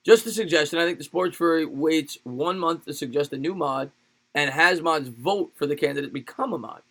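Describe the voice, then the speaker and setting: A man hosting a live sports stream, calling plays with excitement and chatting casually with viewers between plays. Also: a little high, moderate pace. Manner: excitable play-by-play calls, rambling chat between plays. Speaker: livestream sports host. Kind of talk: live play-by-play and chat with viewers.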